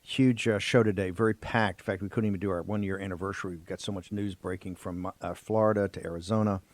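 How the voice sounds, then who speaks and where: A man's voice: sits low, steady tone, fast, no room sound. A man hosting a political talk radio show, speaking in sweeping, emphatic oratory from a studio. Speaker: host.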